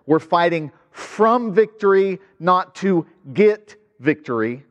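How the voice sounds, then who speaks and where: Conversational preacher in a reverberant hall. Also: male voice, high voice. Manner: conversational preaching with asides and rhetorical questions. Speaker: pastor. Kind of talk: sermon.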